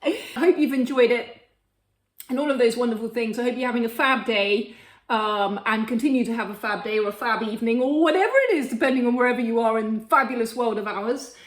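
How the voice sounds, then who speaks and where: A woman hosting her own cooking vlog, chatting to viewers in a bright, high voice. She is bubbly and quick to giggle as she bakes and tastes. The sound has a noticeable echo from a home kitchen. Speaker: cooking channel host.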